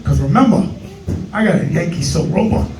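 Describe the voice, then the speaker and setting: A man in his forties with a New York Bronx accent, telling a profane, excitable stand-up story that keeps jumping into high yelps. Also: fairly quick, reverberant, far from the mic, soft background music, rough recording. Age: 40s. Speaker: stand-up comedian.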